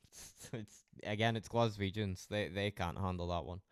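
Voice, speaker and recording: A Scottish man on a live stream, talking loosely and swearing constantly. His voice sits very low and sounds smooth and resonant. The recording is close and dry, with no room sound. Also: unhurried, no room sound. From Scotland. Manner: rambling, heavily profane banter. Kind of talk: casual live-stream chat.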